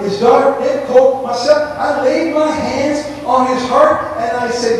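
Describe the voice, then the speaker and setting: High-voiced male pastor in an echoey hall. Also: moderate pace, few pauses, darkish tone, a little hiss or hum. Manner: conversational preaching with storytelling. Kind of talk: sermon. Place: church sanctuary. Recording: echoey church hall from far off.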